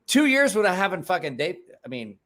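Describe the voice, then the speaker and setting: Man, livestream host, casual chat, swears freely, lively pitch. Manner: animated storyteller, swears freely.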